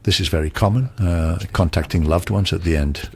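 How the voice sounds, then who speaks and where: An older Spanish man, a retired surgeon, answers interview questions calmly, earnestly and reassuringly. His voice is low and his pace fairly quick.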